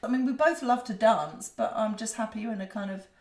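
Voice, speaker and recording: A middle-aged woman co-hosting a podcast in casual chat, talkative and quick to laugh. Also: fairly high pitch. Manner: chatty, laughs often. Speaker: podcast co-host. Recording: echoey room.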